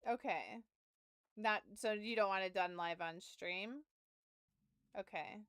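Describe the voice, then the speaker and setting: A woman's voice: medium pitch, slow pace, a bit bright, clear, resonant tone, dry recording. A young adult woman streaming from home, telling a story in casual chat with laughs and profanity, close to her mic. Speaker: game streamer.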